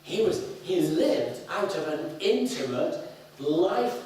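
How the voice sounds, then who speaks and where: A middle-aged man from the north of England with a Lancashire accent, preaching a sermon in an animated way with sudden whoops. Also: sits high, measured pace, a little hiss or hum. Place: church hall. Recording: echoey hall, mic at a distance.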